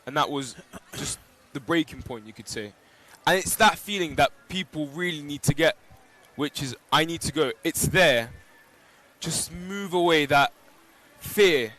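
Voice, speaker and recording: A man's voice: fairly high pitch, expressive, a little slow, pushed and bright. A man being interviewed outdoors on a pilgrimage walk, telling personal stories in a reflective way with plenty of fillers. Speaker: interview guest. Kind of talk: live outdoor broadcast interview.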